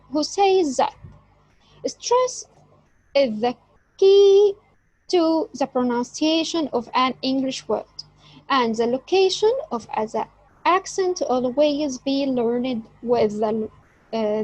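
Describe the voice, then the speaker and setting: A woman teaching an English lesson, speaking deliberately and stressing key words. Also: high voice, a little mellow, dry recording, poor audio. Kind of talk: slow explanatory lesson.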